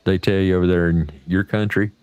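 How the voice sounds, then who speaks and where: A fairly low-pitched American man chats casually as the host of a livestream. His talk is folksy and salty, and it rambles from one point to the next. The sound is dry and close, with no room echo. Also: flat delivery, brisk, darkish tone, clean tone. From United States.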